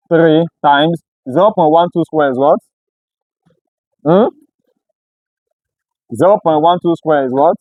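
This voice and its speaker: A man's voice: on the high side, darkish tone, no echo, low-quality recording. Questioning male physics tutor. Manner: call-and-response questioning. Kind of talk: classroom lecture.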